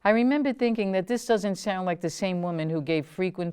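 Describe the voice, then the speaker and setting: A woman, the host and author, reading her own memoir aloud in a slow, deliberate storytelling manner. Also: on the low side, darkish tone, smooth.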